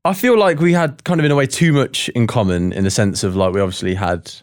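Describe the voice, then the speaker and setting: A young British man answering interview questions in a relaxed, hesitant way with many fillers. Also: medium pitch, fast talker, dry recording, clean studio sound. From United Kingdom. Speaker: guest.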